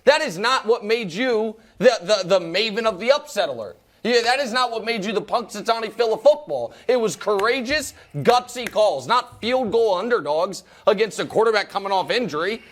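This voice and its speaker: A man hosting a sports debate show, teasing his co-host and making picks in a dramatic, fast way. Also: high voice, expressive.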